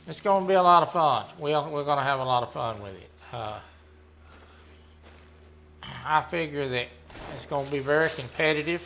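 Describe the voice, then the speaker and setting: Throat-clearing man with bright voice. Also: a little high, normal speed, pauses often, slight background noise. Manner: rambling, frequent throat clearing and fillers. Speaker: gaming streamer running a members' community. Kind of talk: casual commentary while playing.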